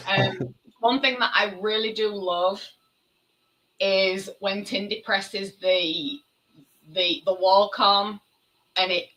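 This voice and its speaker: A woman's voice: mid-range voice, fairly even intonation, slow, long pauses, a bit bright, slight background noise, poor audio. A woman co-hosting a podcast over a video call, chatting casually and poking fun at herself. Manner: chatty and self-mocking. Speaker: podcast co-host. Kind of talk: casual chat.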